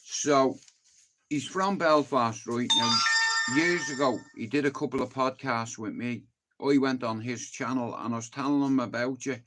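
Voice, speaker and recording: A man's voice: medium pitch, moderate pace, a bit bright, a little hiss or hum. A man with a Dublin Irish accent chatting casually to his livestream viewers, rambling and swearing freely. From Dublin, Ireland.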